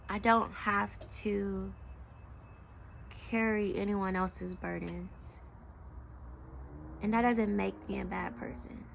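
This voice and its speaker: Slow, gravelly-voiced woman opening up. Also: mid-range voice, steady tone, a little hiss or hum. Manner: slow, reflective and emotional, with soft pauses. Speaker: vlogger. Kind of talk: personal confessional vlog.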